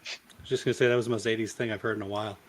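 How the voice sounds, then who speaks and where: A man's voice: lowish voice, little pitch movement, rapid-fire. Wry man in casual podcast chat. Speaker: podcast co-host.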